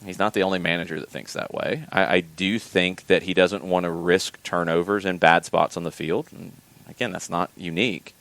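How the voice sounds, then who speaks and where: A man with a notably low voice talks through soccer talking points in a casual podcast. He speaks in a measured way and often restarts phrases as he thinks. The sound is close and dry, with no room echo. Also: steady tone, creaky, a bit bright.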